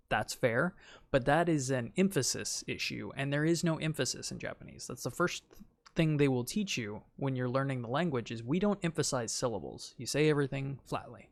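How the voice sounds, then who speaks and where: Man, game streamer, gravelly voice, insistent rant, mid pitch. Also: dry recording. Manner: ranting, insistent, trails off quietly. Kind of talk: casual game stream chat.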